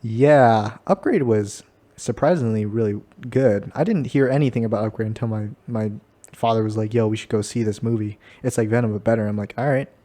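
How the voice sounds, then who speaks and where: A man's voice: fairly low pitch, brisk, dark tone. A young man co-hosting a podcast, chatting casually and laughing often. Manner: laid-back, laughs a lot, playful. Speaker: podcast co-host. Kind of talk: casual chat.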